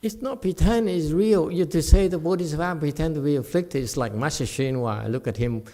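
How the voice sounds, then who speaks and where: A middle-aged man giving a dharma talk with questions and answers, animated, laughing and acting out quoted voices. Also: on the high side, brisk. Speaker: meditation teacher.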